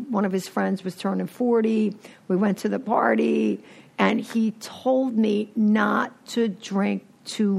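Gravelly candid New woman. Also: medium pitch. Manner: candid, animated storytelling with acted-out quotes. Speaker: recovering alcoholic sharing her story. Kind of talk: recovery meeting talk.

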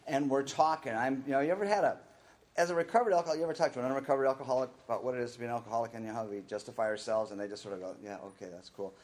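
A man's voice: mid-range voice, rapid-fire, darkish tone. A middle-aged man telling his own recovery story in a candid, rambling way, sometimes acting out the voices of the people he quotes. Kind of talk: personal recovery talk.

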